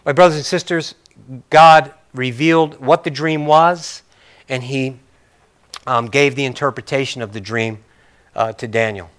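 A man's voice: mid-range voice, steady tone, measured pace, a bit bright. A male pastor preaching a sermon in a conversational way, with joking, apologetic asides to his congregation.

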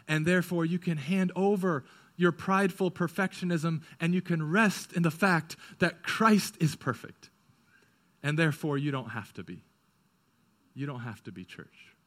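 A young male pastor preaches with a high, ringing, bright voice. He speeds up and presses when urgent, then drops soft and slow to drive a point home. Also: lively intonation. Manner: swings from urgent and quick to hushed and slow. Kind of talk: sermon.

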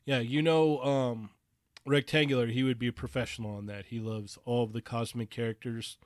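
A man co-hosting a toy show, chiming in with quick, joking remarks. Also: mid-range voice, steady tone, no room sound. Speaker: co-host. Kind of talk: casual chat.

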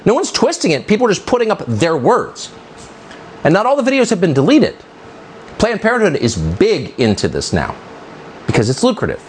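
A man's voice: fairly high pitch, slight background noise. A man hosting a commentary show, delivering an indignant, sarcastic monologue with a mocking edge.

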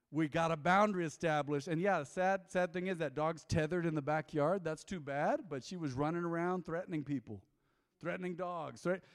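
A middle-aged man preaching as a pastor, telling a confessional story with jokes, then leading an altar call, his voice swinging from loud to hushed. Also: a little high. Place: church sanctuary. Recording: long hall reverb.

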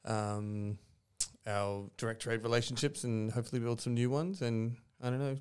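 A man, a podcast guest from a coffee roaster, talking in a relaxed, earnest way. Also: medium pitch, moderate pace, smooth. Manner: relaxed, earnest, thinks aloud. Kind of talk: casual podcast interview.

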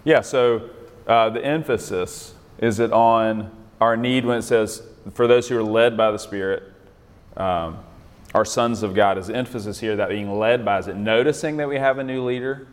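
A man's voice: on the low side, moderate pace, in a large hall. A man leading a group Bible study, talking conversationally, restarting phrases and often checking in with "right?". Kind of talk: teaching a group discussion.

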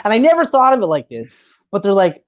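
A woman's voice: mid-range voice, huge pitch swings, quick pace. A woman in casual chat who laughs often, swears freely and acts out lines from scenes. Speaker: movie fan chatting with a friend. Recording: slightly dull lo-fi recording.

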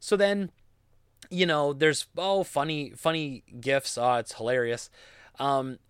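A man's voice: fairly high pitch, slow pace, smooth, no room sound, clean studio sound. A young adult man giving opinionated commentary, reading tweets aloud with an exasperated, sarcastic edge. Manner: animated, exasperated, sarcastic, with frequent laughs.

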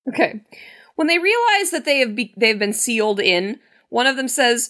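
Bright, animated woman podcast host. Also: a little high, normal speed. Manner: animated, incredulous, reads from her notes. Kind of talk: casual chat.

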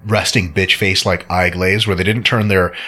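Podcast host, male, low-ish bright voice, laid-back and profane. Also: little pitch movement, moderate pace, breathy edge. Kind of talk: casual chat.

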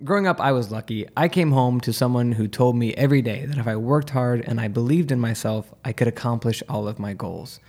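A man's voice: mid-range voice, brisk, hardly any pauses, darkish tone, faint music behind. Man telling a wry story. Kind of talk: live personal storytelling.

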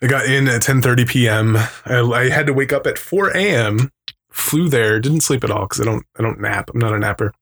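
A man's voice: medium pitch, a little fast, fairly bright tone. Casual male co-host, mid voice, rambling storyteller. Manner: rambling, swearing, tangent-prone storytelling. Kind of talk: casual chat.

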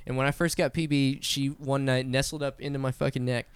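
A man's voice: medium pitch, little pitch movement, brisk, clear, resonant tone, dry recording. A young man co-hosting a casual podcast chat, swearing often and laughing as he reads quotes aloud. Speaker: podcast co-host.

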